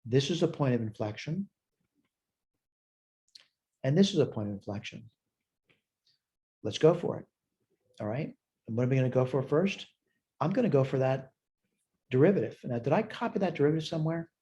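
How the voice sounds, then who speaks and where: Guy walking through calculus out loud, warm relaxed voice, kinda self-deprecating. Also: mid-range voice, fairly quick, pauses often, dull audio. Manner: thinks aloud while working, chatty and self-deprecating. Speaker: college math instructor. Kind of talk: recorded math lecture.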